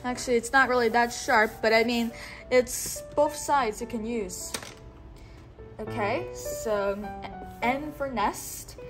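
A woman teaching a child one-on-one, speaking slowly and patiently and repeating words for the child to say back. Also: on the high side, over music. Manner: slow, coaxing, repeats words for the child to echo.

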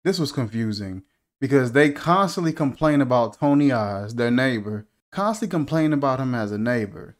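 Guy reacting to an old movie, joking, baffled, lots of rhetorical questions, lively up and down voice. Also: medium pitch, normal speed, faint music behind. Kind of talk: casual movie reaction commentary.

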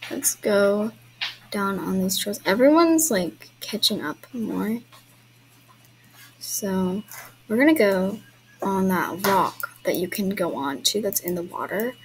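A woman's voice: medium pitch, expressive, slow, slight background noise, rough recording. Chatty young woman narrating gameplay. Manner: chatty, giggly, apologetic asides to viewers. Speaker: game vlogger hosting a trail ride. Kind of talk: casual gameplay commentary.

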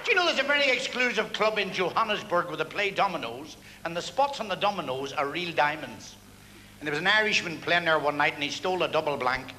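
A male stand-up comedian rattling off one-liners with pauses for punchlines, performing on a large theatre stage. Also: fairly high pitch, lively intonation, pushed and bright, a faint crowd. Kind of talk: stage stand-up at a variety gala. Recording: archive theatre recording with long hall echo and hiss.

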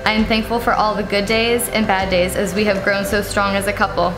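A young bride in her twenties reads a letter with sincere warmth of feeling. Her voice sits at a mid pitch for a woman. Music plays clearly beneath her. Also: level tone, fairly quick. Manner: heartfelt and sincere. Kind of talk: reading a letter. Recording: with music playing over it.

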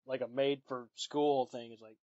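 A man's voice: medium pitch, steady tone, normal speed, a little mellow, no echo. Guy cracking dry jokes on a podcast, swears a bit, super dry muffled mic. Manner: dry, joking, swears casually. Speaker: podcast co-host. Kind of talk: casual chat recapping an episode. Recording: dry, dull lo-fi audio.

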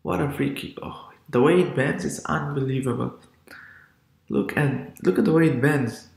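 Excitable man, sports reaction vlog, gravelly voice, echoey room. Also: mid-range voice, moderate pace. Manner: excitable, exclaiming often. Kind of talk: casual reaction commentary.

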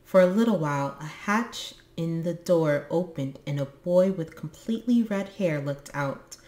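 A woman reading a children's storybook aloud in steady narration. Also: low voice, moderate pace. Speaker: book channel host.

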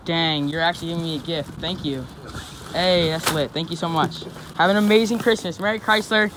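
A man's voice: on the high side, fairly quick. Slangy joking teenage guy outdoors. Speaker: vlogger. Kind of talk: prank vlog. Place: outdoors on a residential street. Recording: outdoor street noise.

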